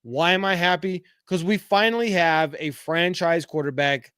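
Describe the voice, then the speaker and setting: The host, a middle-aged man, has a fairly high, fairly bright and clean-toned voice and keeps a moderate pace. He reads viewer comments on a casual live-chat podcast and answers with outspoken, rambling views full of fillers. The studio-quality audio is echo-free.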